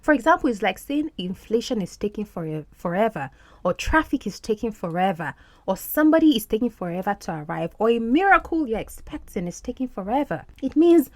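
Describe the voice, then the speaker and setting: A woman teaching English over film clips, her pitch leaping up and down as she explains and repeats words for practice. The recording is dry and close, with no room sound. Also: big pitch swings, brisk, a little mellow, no echo. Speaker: podcast host and English teacher.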